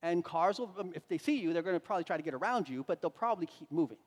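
A man preaching a sermon as a pastor, swinging between loud emphatic lines and quiet asides. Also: fairly high pitch, lively intonation, racing. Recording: reverberant hall.

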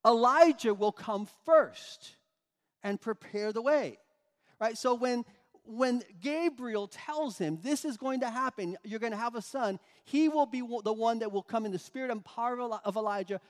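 A man preaching a sermon, explaining scripture in an emphatic way with frequent restarts. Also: sits high. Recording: long hall reverb.

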